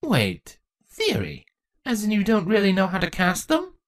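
A woman's voice: mid-range voice, wildly swooping pitch, a little slow, pitched above the performer's own voice. A woman voicing a laid-back, teasing young female changeling in a storybook reading. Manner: casual, dry, teasing.

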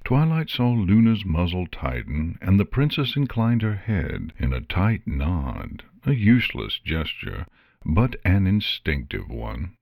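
A man reading a story aloud in a measured, expressive way. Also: deep voice, creaky, no echo, studio quality. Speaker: narrator. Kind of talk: storybook narration.

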